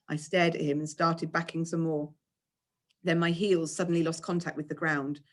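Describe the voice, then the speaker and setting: A woman, a teacher, reading a children's novel aloud with expressive storytelling. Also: low-pitched, normal speed.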